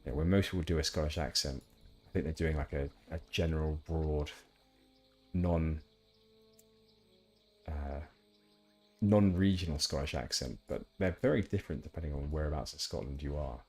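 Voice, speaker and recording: A man's voice: extremely low pitch, normal speed, pauses often, a little mellow, slightly rough, soft background music. A man chatting casually while streaming a game, rambling with asides. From England. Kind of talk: casual gameplay chat.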